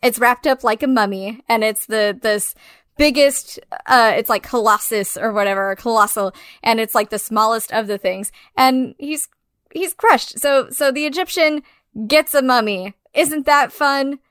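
Woman co-host, high pitch, dry close sound, blunt, sarcastic, profane film critique. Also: normal speed, fairly bright tone, dry recording. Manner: blunt, sarcastic, swears often. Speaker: podcast co-host. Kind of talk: casual film review chat.

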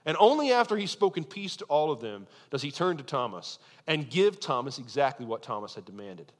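A man preaching a sermon as pastor, earnest, leaning into key phrases and slowing down for emphasis. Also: mid-range voice, big pitch swings. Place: church sanctuary. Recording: long reverb of a large hall.

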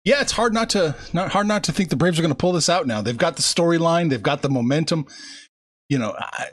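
A man co-hosting a sports betting show, speaking in an expressive, conversational way. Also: fairly high pitch, a little fast. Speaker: sports betting podcast co-host. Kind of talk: casual sports talk.

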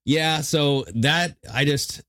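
A man co-hosting a casual podcast, telling stories with animated delivery and acting out other people's voices. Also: fairly high pitch, slow pace, no echo, studio quality. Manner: animated storyteller who acts out voices. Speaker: podcast co-host.

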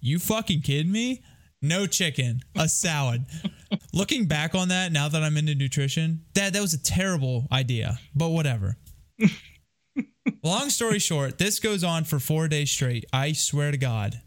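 A man's voice: fairly high pitch, expressive. Young man telling a rambling profane story. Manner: rambling, profane, self-deprecating, quick asides. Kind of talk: casual storytelling.

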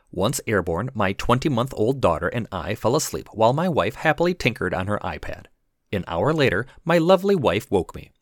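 A man who is an ER physician and podcast host, telling a scripted funny story with wry, deadpan delivery. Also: lowish voice, dry recording, clean studio sound.

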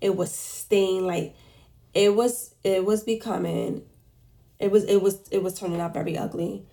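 A young adult woman casually telling a story and venting, often quoting people in a raised, animated voice. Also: mid-range voice, a little slow, vocal fry. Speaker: podcast host and business owner.

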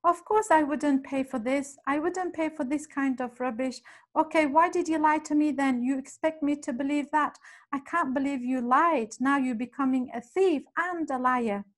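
A woman acting out an angry mother scolding her young daughter with rapid accusing questions. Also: high-pitched, pitched above the performer's own voice, lightly acted.

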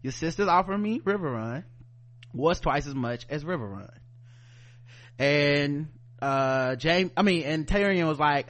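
A man's voice: on the high side, animated, a little slow, a bit bright. A man co-hosting a podcast, recapping a show animatedly, laughing often and acting out the characters in slang. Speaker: podcast co-host.

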